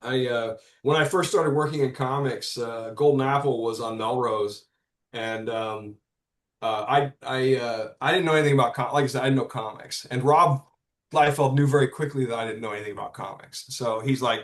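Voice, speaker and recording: A man's voice: mid-range voice, moderate pace, echoey room. A man in his fifties telling stories in a casual podcast chat, rambling with lots of restarts and the odd curse. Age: 50s. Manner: rambling, frequent restarts and profanity. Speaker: comics publisher guest.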